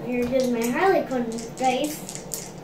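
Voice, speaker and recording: A young learner player, hesitant and giggly, talking haltingly during a casual tabletop game. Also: female voice, high voice, recorded from a distance. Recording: echoey, from off-mic, with clear noise.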